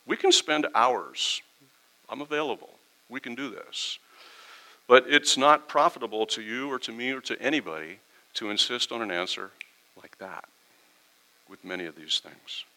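A man's voice: mid-range voice, normal speed, sharp tone, low-quality recording. A middle-aged pastor giving a conversational sermon, acting out quoted exchanges with his congregation.

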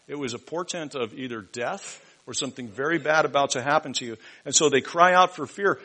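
A man preaching a sermon in a bright, forceful voice. He drops to near-whispers in reflective moments, then rises to loud, emphatic declarations. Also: on the high side, fairly quick, few pauses, poor audio. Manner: dynamic preaching, swings from hushed to loud emphatic. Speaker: pastor.

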